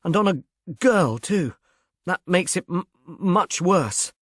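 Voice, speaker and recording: A man's voice: high voice, lively intonation, slow, a bit bright, no echo, clean studio sound, voice pushed up, heavily acted. A man voicing a shy, earnest young Englishman who stammers and speaks diffidently. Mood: earnest, worried. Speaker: reader.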